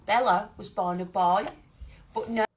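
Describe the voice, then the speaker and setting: A woman's voice: mid-range voice, measured pace. A woman speaking earnestly and with emotion in a social media video played back.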